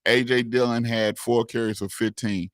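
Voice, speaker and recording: A man co-hosting a sports talk radio show, talking casually and excitedly, often repeating words. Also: mid-range voice, moderate pace, no echo. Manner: animated, laughing, repeats words, southern US slang.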